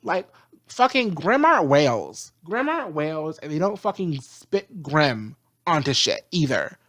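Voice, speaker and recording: Profane, animated show reviewer. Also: medium pitch, a little slow. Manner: animated, profane, repeats rhetorical questions. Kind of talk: casual ranting review.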